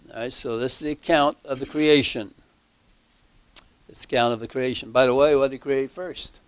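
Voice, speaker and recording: A man teaching a Bible class, slow and halting, with many fillers and emphatic repeats. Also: medium pitch, fairly even intonation, clean tone, no room sound. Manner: emphatic repetition.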